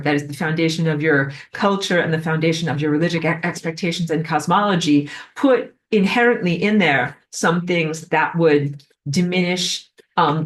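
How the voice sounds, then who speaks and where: A woman's voice: low voice, recorded from a distance. A woman giving a rambling spiritual lesson, digressing often with fillers and acted-out asides. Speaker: spiritual teacher.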